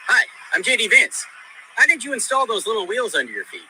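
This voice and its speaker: Man doing a robotic politician impression; bright, high, lively pitch, deadpan and stiff. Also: fairly quick, a little hiss or hum, heavily acted, low-quality recording.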